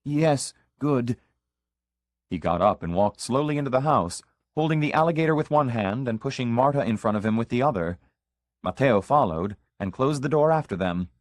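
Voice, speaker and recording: Male audiobook narrator, very lively pitch, dry close sound. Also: fairly quick, no echo.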